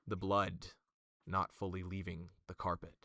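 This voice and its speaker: Deep slow guy running a tabletop game, dry close mic. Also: completely flat delivery, bright, forceful tone, dry recording. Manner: descriptive, hedging with fillers. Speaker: game master.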